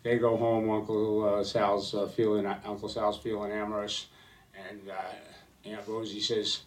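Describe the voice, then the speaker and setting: A man telling stand-up jokes with a halting delivery full of fillers. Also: lowish voice, level tone. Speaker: stand-up comedian. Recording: voice slightly distant from mic.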